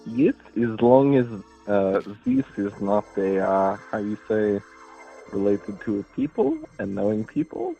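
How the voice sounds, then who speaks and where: A man calling in and voicing a German boomer with a put-on German accent, hesitant and searching for words. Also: very animated, unhurried, vocal fry, muffled recording, faint music behind, heavily acted. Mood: halting. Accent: put-on German accent, veering Swedish. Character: German male boomer caller. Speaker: caller.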